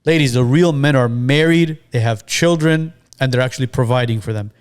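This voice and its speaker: A man's voice: mid-range voice, a little fast, clear, resonant tone. Chatty male podcast host. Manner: chatty, direct address to listeners. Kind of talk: casual podcast conversation.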